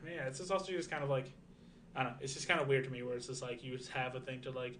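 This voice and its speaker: A man's voice: mid-range voice, steady tone, rapid-fire, fairly bright tone, a little hiss or hum. A young man in his twenties, a streamer chatting casually in a rambling, profane way with many fillers. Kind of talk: casual chat.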